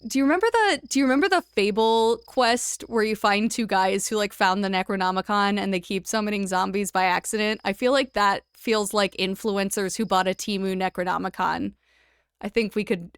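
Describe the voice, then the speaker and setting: Speaking fairly quickly in a medium-pitched, clean-toned voice with no room sound, a young woman live-streams a video game. She chats casually, giggles, thanks her followers and reads game lines aloud.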